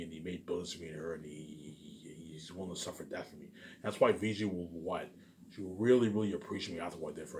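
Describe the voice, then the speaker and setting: A deep-voiced channel host, recorded with a little hiss or hum, goes on a rambling solo monologue for his viewers. He swears, speaks emphatically and grandly, and repeats "obviously" and "you know what I'm saying" constantly.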